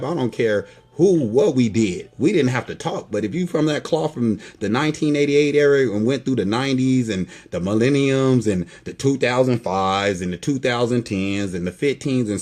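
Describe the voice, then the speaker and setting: A man's voice: medium pitch, a little mellow. A man in his forties giving a casual, profane monologue to his viewers, lecturing them and tagging lines with "boy" and "you know what I mean". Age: 40s.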